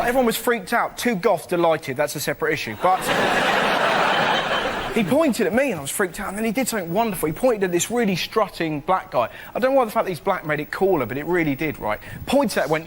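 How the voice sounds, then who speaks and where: A young man doing a cheeky, animated stand-up routine as a panelist, with sudden yelps in his telling. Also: high-pitched, a little fast. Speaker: comedian panelist. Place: TV studio with live audience. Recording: loud studio audience laughter and noise.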